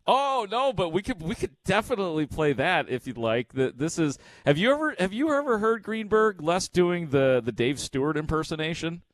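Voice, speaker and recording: A man's voice: fairly high pitch, big pitch swings, no echo. A man hosting a casual sports radio talk show, chatty and amused. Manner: chatty and amused, quick to laugh. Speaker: radio host.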